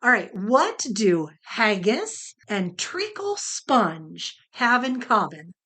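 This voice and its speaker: Lively, playful woman co-hosting a cooking show. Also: medium pitch, slow pace, roomy sound. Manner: playful, jokey. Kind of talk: casual cooking show chat. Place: home kitchen.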